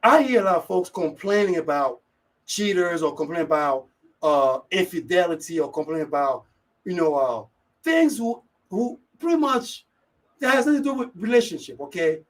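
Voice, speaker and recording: A man with a high voice hosts a live radio talk show, upbeat and energetic as he talks to his listeners. He keeps coming back to the same catchphrase. He sounds like he is sitting back from the microphone. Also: moderate pace, far from the mic, rough recording. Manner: energetic, keeps repeating "yes, indeed".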